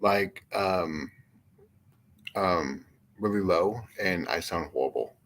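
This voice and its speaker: A man's voice: deep voice, takes it slowly, fairly bright tone. A young man hosting a casual live chat, rambling and cursing, self-deprecating about being unsure what to do. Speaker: livestream host. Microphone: phone or headset mic.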